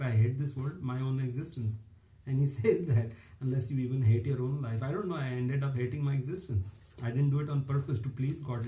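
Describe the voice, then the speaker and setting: A man's voice: mid-range voice, dark tone, roomy sound, rough recording. A man preaching an informal online sermon, emphatic and repetitive, with little chuckles between phrases.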